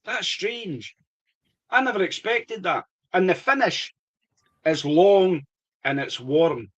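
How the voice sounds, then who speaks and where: A middle-aged man with a Scottish accent speaks slowly and expressively in a high-sitting voice. He's enjoying a whisky tasting, keeping up casual, enthusiastic chatter punctuated by frequent laughter.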